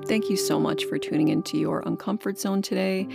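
A woman's voice: medium pitch, fairly even intonation, a little fast, vocal fry, music in the background. A woman hosting a podcast, talking in a casual monologue, earnest and encouraging and swearing casually. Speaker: podcast host.

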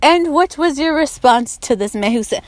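A woman's voice: high voice, animated, moderate pace. A young woman hosting a casual podcast chat, blunt and profane, laughing often. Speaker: podcast host.

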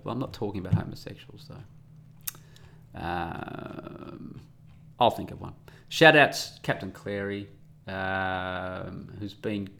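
A man with a low, gravelly voice rambles through a solo podcast monologue. He is sarcastic and mocking, and often drops into a muttering aside. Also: a bit bright, slight background noise. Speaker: podcast host.

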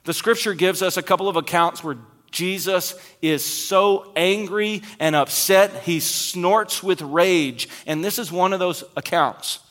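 High-voiced male pastor preaching. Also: unhurried, hardly any pauses, long reverb tail. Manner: storytelling, shifts between loud emphasis and quiet asides. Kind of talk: sermon.

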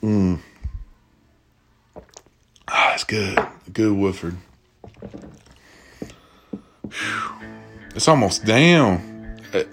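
Male podcast host, lowish voice, rambling and profane, faint music under him. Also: very slow, pauses often. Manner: profane, rambling, animated storytelling with quoted voices. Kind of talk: casual solo podcast rant. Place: at home, drinking bourbon while recording.

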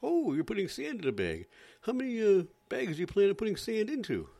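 A man's voice: high voice, huge pitch swings, brisk, creaky, dark tone, pitched above the performer's own voice, heavily acted. A man playing a frantic, overexcited TV news reporter in a comedy rant. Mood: panicky. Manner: breathless, overexcited, panicky.

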